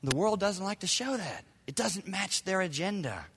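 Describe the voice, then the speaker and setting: High, bright-voiced preacher in a big hall. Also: male voice, very animated, moderate pace, vocal fry, a little hiss or hum. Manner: emphatic, repetitive preaching with sudden loud outbursts. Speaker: pastor. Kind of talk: sermon. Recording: reverberant hall.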